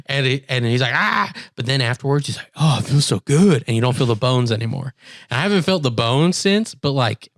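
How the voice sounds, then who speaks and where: Young male podcast co-host, casual and rambling, dry close sound, mid-pitched voice. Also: fast, no echo. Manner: rambling animated storytelling, acting out quotes. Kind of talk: casual chat.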